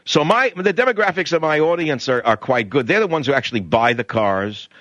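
A middle-aged male talk radio host delivering an indignant, blunt monologue. His voice is bright and forceful. The sound is dry and close, with no room around it. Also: a little high, lively intonation, a little fast, no echo, highs cut off.

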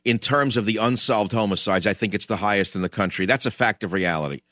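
A man's voice: on the low side, fast talker, fairly bright tone, dry recording, dull audio. Sarcastic male radio host, dry studio sound. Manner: sarcastic, mocking. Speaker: radio talk show host. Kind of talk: combative call-in radio talk.

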